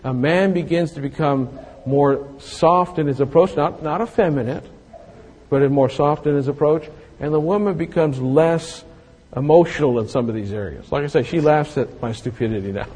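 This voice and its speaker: A pastor in his late fifties preaches a sermon that mixes scripture reading with folksy, self-mocking stories. His voice is on the high side, a little mellow and husky, at a moderate pace, with long hall reverb.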